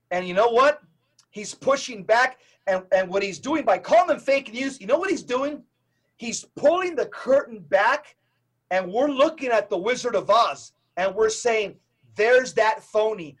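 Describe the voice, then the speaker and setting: His voice very high and a bit bright, a middle-aged Catholic evangelist talks on a podcast as a guest. The delivery is emphatic and sermon-like, with swift lists and repeated lines.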